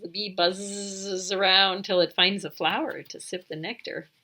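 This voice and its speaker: Hosting a children's storytime, a woman reads a picture book aloud, imitates animal sounds and asks the little listeners questions. Her voice is medium-pitched, steady and unhurried, with a pushed, bright quality.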